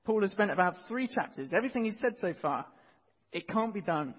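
A man's voice: high voice, expressive, brisk, breathy edge, in a large hall, muffled recording. A male pastor preaching a sermon to his church, painting vivid scenes and guiding the congregation through the reading. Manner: earnest, vivid storytelling, leads the congregation in reading.

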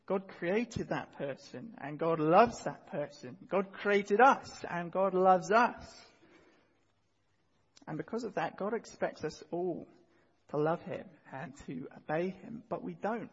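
A man preaching a sermon, earnest and measured, pausing and repeating key phrases. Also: sits high, expressive, slightly rough. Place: church hall. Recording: dull sound with long hall reverb.

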